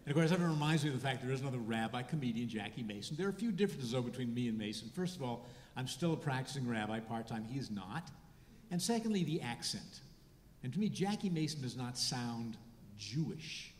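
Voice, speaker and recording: A man in his seventies, a rabbi and comedian, doing a stand-up set with dry, deadpan delivery and halting restarts. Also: medium pitch. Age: 70s. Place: hall before a live audience. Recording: echoey hall, faint noise.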